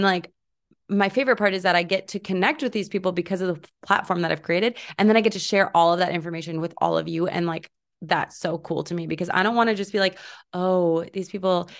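A woman's voice: lowish voice, creaky. A woman in her thirties hosting a podcast alone, talking in a chatty, upbeat way with lots of fillers and acted-out asides. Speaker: podcast host. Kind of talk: casual solo podcast chat.

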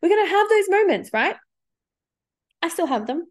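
A woman's voice: very high-pitched, very animated, moderate pace. A woman in her thirties, a life coach, talking candidly in a casual podcast monologue and swearing freely.

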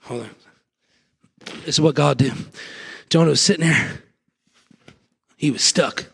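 Fervent gravelly-voiced male pastor preaching. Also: fairly high pitch, measured pace, long pauses, a bit bright, big-room sound. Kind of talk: sermon.

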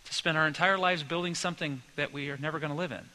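A middle-aged pastor giving a sermon, telling family stories in a relaxed conversational way and acting out lively quoted voices. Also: male voice, a little high, fast talker, rough recording.

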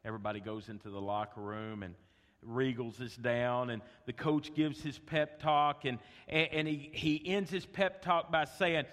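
A man preaching a sermon, an animated storyteller who swings between loud bursts and hushed tones. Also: mid-range voice, normal speed. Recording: long hall reverb.

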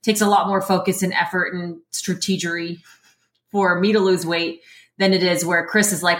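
A woman with a fairly low voice chats as an interview guest, animated and quick to laugh. Her voice rings in an echoey room. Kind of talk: casual interview chat.

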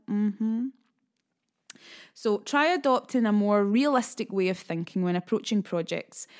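Frank Scottish woman podcast host. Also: medium pitch. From Scotland. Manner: frank, chatty, sassy asides. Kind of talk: casual self-help podcast talk.

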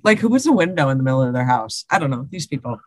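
A woman's voice: very deep voice, very animated, rapid-fire, no room sound. A woman co-hosting a podcast, chatting casually and reading listener stories aloud with laughs and swearing. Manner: laughing, swearing, repeats herself.

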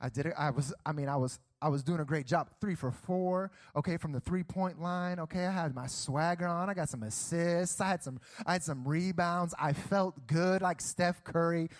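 A man preaching a lively sermon to his church, checking in with the crowd with a constant "okay?". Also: a little high, moderate pace, few pauses. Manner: energetic, keeps asking "okay?". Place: church stage.

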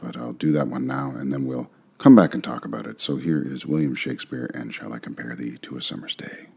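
A man reading a sonnet aloud, then talking through its meaning in a relaxed, musing way with rhetorical questions. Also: extremely low pitch, brisk, gravelly, slightly rough. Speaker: poetry reader and explainer. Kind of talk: poetry reading and casual commentary.

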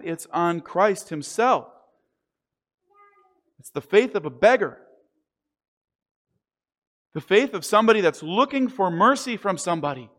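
Man, pastor, sermon, earnest, deliberate, somewhat high pitch. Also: fairly bright tone. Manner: earnest preaching, slows to stress key phrases.

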